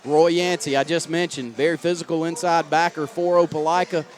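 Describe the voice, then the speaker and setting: Higher-pitched male color commentator. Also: fairly even intonation, fairly quick, a little hiss or hum. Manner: analytical, conversational breakdown of plays.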